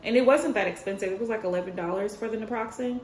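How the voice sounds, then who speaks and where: A woman in her thirties livestreams as a tarot reader, telling a story in a chatty way, speaking straight to her viewers and laughing often. Her voice is medium-pitched, quick, and a little mellow. The recording has a roomy echo, faint ambience, and slight background noise.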